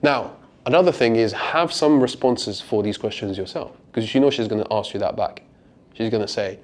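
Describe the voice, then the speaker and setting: A young male dating coach runs a casual, foul-mouthed seminar for a small group. His voice is expressive and darkish at a moderate pace, and he performs lines in a raised voice with sudden pitch jumps.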